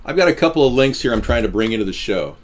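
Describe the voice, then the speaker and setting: A man of middle pitch hosts a live stream with a very animated, swinging delivery. He rants sarcastically at his viewers and jokes around, dropping into low tones and jumping up high. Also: quick pace. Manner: sarcastic, ranting, jokey; swoops between high and low voices.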